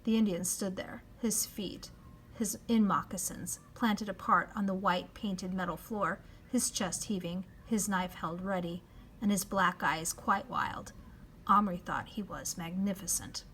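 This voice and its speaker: A woman narrating a children's novel in a measured storytelling voice, dropping to a hush at times. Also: fairly low pitch, a little hiss or hum. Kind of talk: reading a children's novel aloud.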